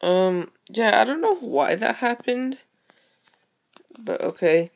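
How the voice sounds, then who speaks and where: A young woman giving casual game commentary, excitable, exclaiming and muttering to herself as she plays. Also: fairly high pitch, takes it slowly, gravelly. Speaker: gaming video creator.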